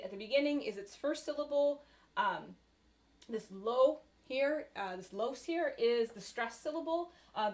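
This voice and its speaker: A woman giving a recorded university lecture in a conversational way, with frequent fillers and "right?" tag questions. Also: a little high.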